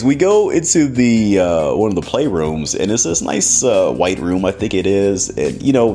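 A man with a low voice tells a story on his podcast, his pitch swinging widely as he gets worked up. He laughs often and swears without holding back, in a loose, casual way. Faint music plays underneath. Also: a little mellow. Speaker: podcast host.

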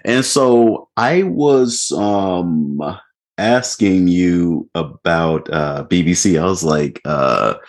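A man's voice: deep voice, extremely slow. A man hosting a podcast in a casual, laid-back chat, chuckling often and talking with lots of fillers. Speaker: podcast host.

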